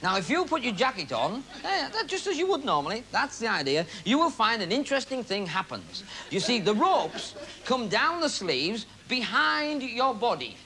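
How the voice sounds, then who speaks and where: A man's voice: extremely high pitch, very animated, moderate pace, sharp tone, poor audio. A man hosting a televised magic comedy act, joking and teasing the audience volunteers on stage.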